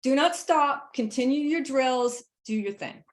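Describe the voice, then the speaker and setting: A woman dog trainer talking through leash training in a casual, lively way, laughing often and hammering her points with emphatic asides. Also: high-pitched, a little slow. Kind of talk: casual instructional chat.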